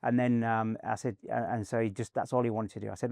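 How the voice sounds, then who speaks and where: A man's voice: on the low side, fast, gravelly, no echo, studio quality. A middle-aged man, a performance coach, telling stories in a casual interview with many restarts. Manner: rambling, many fillers and restarts, animated anecdotes.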